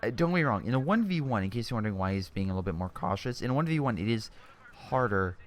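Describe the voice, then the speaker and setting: A man's voice: on the low side, animated, fast talker, a little hiss or hum. A young man giving casual commentary over a strategy game replay, chatty and exclamatory, often restarting his sentences.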